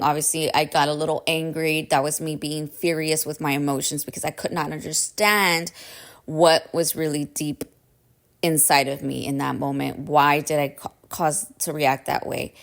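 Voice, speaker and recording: A woman's voice: deep voice, vocal fry. A woman hosting a podcast, telling a personal story in a casual, chatty way and often checking in with listeners. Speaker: podcast host.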